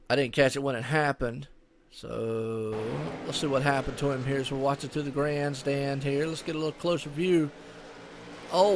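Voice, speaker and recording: Here the same Southern-accented commentator sounds medium-pitched, with a bit of hiss or hum on the audio. Calling an online sim race live, he stays folksy and talkative, leaning on "y'all" and "I tell you what" again and again.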